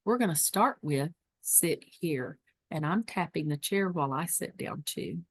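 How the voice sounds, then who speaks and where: A woman leads a webinar lesson for caregivers in a fairly low voice. She teaches emphatically and drives points home by repeating them. The sound is close and dry. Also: animated, normal speed, slightly rough, no room sound. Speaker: dementia care educator. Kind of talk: webinar presentation.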